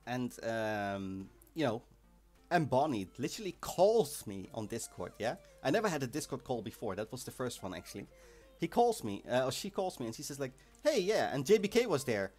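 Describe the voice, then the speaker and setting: Lively excitable man streaming a game. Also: medium pitch, a little fast. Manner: lively, chatty, excitable with bursts of shouting. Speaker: livestream host of an online game event. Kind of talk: casual live-stream chat. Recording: faint music in the background.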